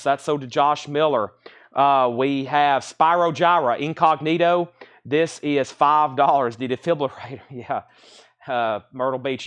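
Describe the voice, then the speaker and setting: A man's voice: fairly high pitch, fairly bright tone. A man hosting a live stream, chatting and rattling off record titles and prices. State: out of breath. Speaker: live sale host. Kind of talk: live-stream sales patter.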